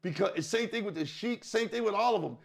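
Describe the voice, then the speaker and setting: Brief: high-voiced, gravelly male co-host, blunt and profane. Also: fairly quick. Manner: blunt, rambling, swears freely. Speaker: podcast co-host. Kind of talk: casual profane chat.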